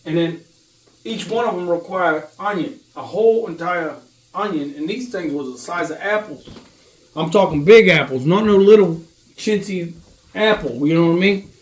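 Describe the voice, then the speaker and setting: A man whose voice sits high hosts a home cooking show, talking at a normal speed. He jokes and cusses loosely with his viewers as onions make his eyes water. The kitchen sounds echoey and he's recorded from far off.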